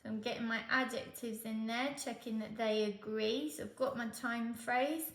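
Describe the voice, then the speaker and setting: A woman's voice: a little high, steady tone, normal speed. Patient woman teaching Spanish, roomy sound. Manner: patient, explains step by step, checks in with "okay?". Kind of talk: exam tutorial.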